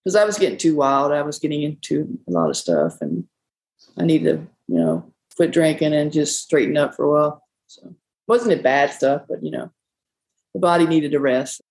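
Bar owner, woman, gravelly voice, loose folksy storyteller. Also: low voice, expressive, normal speed, darkish tone, rough recording. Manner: rambling, folksy, quotes people often. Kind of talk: casual storytelling interview.

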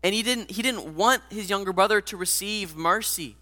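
Casting note: earnest male preacher, fairly high voice with a bright, forceful tone, direct sermon delivery. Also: moderate pace. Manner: earnest, addresses listeners directly as guys.

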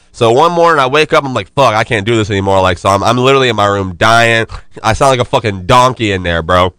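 This is a man hosting a casual podcast, working up an animated, swearing rant for his co-hosts. His voice is bright and crisp, and it sits close on a dry mic with no room sound. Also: fairly low pitch, quick pace, dry recording. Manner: animated storyteller, profane and joking. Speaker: podcast host.

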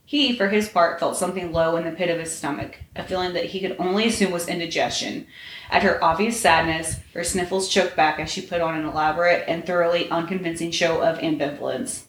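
A woman podcast host reading fan fiction aloud in a steady, plain way. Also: fairly low pitch, fairly quick. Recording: roomy echo, faint noise.

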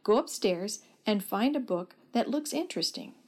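A cheerful, level-headed father speaks calmly and thoughtfully to his family, as a woman reads his lines. The storybook dad keeps an easy, reassuring tone. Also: medium pitch, moderate pace, lightly acted. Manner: calm, thoughtful. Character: jolly, steady family father.

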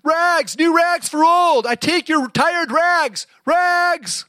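A man voicing a tall, strong male ragman in a storybook reading, who cries his wares down the street and speaks gently to the people he helps. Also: mid-range voice, very animated, normal speed, no room sound, clean studio sound, voice pushed down. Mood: calling out. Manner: bellowing street cries, then hushed and tender.

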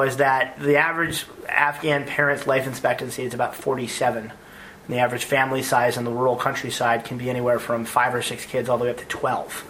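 Bright-voiced man telling war stories. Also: medium pitch, slight background noise, poor audio. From United States. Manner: earnest and animated, with frequent word repeats. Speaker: former army officer, guest. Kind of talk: conversational storytelling interview.

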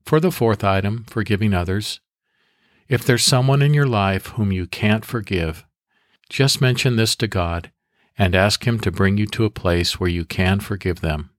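A man with a deep voice hosts a devotional podcast, guiding prayer and a scripture meditation. He speaks at a calm, measured, instructive pace. The sound is dry and close, with no room around it. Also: dry recording.

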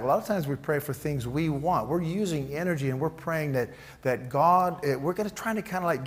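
A middle-aged man preaching a conversational sermon, informal and joking, acting out prayers and Bible quotes in little voices. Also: medium pitch. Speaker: pastor.

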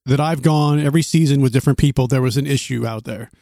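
A man hosting a casual podcast, reacting with quick interjections and laughs. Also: mid-range voice, dark tone, no echo, studio quality.

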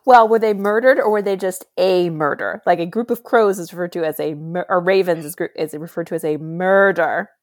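An American woman co-hosting a podcast, joking and quick to laugh in a casual chat. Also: lowish voice, no echo, studio quality. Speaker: podcast co-host.

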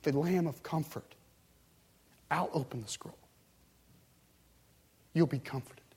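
A male pastor delivering a sermon, swinging between loud, urgent passages and hushed, intense ones. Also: fairly high pitch, takes it slowly, gravelly, slightly rough.

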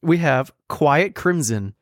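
A man's voice: fairly high pitch, lively intonation, takes it slowly, no echo, studio quality. A man hosting a podcast in casual chat, rambling, laughing often and swearing freely. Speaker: podcast host.

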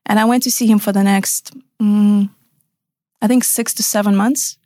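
A woman's voice: medium pitch, steady tone, moderate pace, mellow, dry recording, studio quality. A woman in her thirties, a podcast guest, telling her personal story frankly and emphatically, sometimes swearing.

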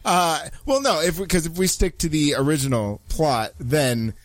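A man's voice: fairly high pitch, normal speed, no room sound. Joking man in casual banter. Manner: joking, laughs often, breaks into goofy impressions. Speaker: podcast co-host.

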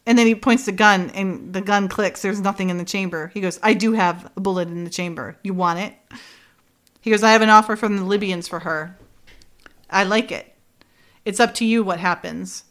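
A woman's voice: mid-range voice, moderate pace. Chatty woman retelling a TV episode. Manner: animated retelling, quoting characters with laughs. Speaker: podcast co-host. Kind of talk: casual chat recapping a TV episode.

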